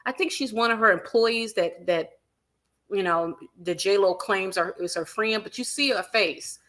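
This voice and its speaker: A woman hosting a celebrity gossip livestream, animated and emphatic, repeating her points and reading viewer comments aloud. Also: mid-range voice, unhurried. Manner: animated, acts out quotes in other voices, reads viewer comments aloud; emphatic repetition.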